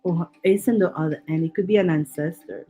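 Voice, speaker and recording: Woman reading tarot on a live stream, comforting, rambly, lots of restarts, soft music under her. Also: lowish voice, fairly quick. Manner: reassuring, chatty, many restarts and repeated words. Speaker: tarot reader.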